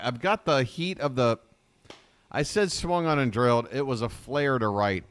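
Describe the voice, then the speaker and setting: A man streaming live baseball play-by-play from his own channel, chatty and rambling, getting excited on big swings. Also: mid-range voice, normal speed, smooth, no echo.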